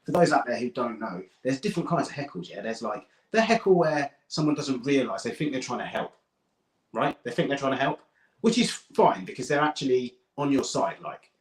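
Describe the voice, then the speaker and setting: A British man, a guest comedian, chatting in a relaxed, rambling way and often tagging his points with "right?". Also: medium pitch, fairly quick, roomy sound. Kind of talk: casual chat.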